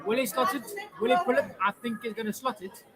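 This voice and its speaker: A fan streams casual live commentary on a rugby match, his extremely high voice moving quickly with fairly even intonation. He chats away with viewers and the chat as he goes. Loud stadium crowd noise and broadcast music sit behind him.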